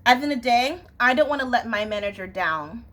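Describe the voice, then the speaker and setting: A woman's voice: a little high, lively intonation, fast talker, a bit bright. A young woman venting in a casual, exasperated rant to camera, swearing and often asking "you know what I'm saying". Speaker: vlogger.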